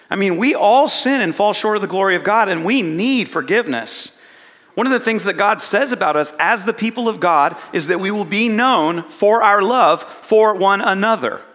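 A man preaching a sermon, telling the story with animated retellings and asking the congregation questions. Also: high voice, long reverb tail. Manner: animated storytelling, acts out quoted lines, asks the congregation questions. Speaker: pastor.

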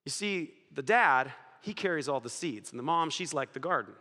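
A preacher acting out a kind father with a soft, calm voice who is patiently explaining something to his small boys. He speaks more gently than the preacher's own bright, high-pitched tone. A long reverb trails behind each word. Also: moderate pace.

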